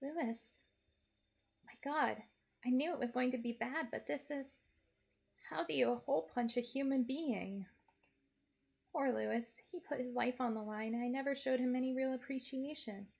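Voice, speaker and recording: A woman streamer tells a game's story in the first person, wry and playful. Her voice sits a little high with a gravelly fry running through it. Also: moderate pace, darkish tone. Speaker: VTuber game streamer. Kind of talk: in-character comedic game narration.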